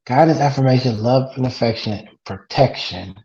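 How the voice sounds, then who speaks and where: A man's voice: medium pitch, normal speed, warm tone, roomy sound, lo-fi sound. A man, a father of two daughters, talking earnestly as a podcast guest and acting out the call-and-response phrases he repeats with his kids. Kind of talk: casual interview talk.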